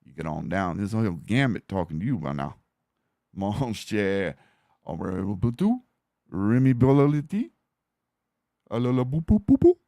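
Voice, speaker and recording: A smooth-talking Cajun card-player with a deep, lazy drawl that wanders into nonsense, put on by a man. The put-on accent is thick and playful. The sound is dry and close. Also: big pitch swings, unhurried, pauses often, dark tone, no room sound, full character voice. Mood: flirty. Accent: put-on Cajun Louisiana. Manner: drawling, rambling and silly. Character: suave flirting Cajun male card-player.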